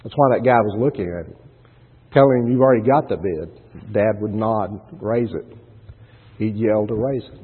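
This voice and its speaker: A man's voice: on the low side, moderate pace, breathy edge. A middle-aged man from the Texas panhandle, preaching a sermon, telling stories earnestly and building to emphatic points. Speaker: pastor. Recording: tinny radio broadcast with long reverb.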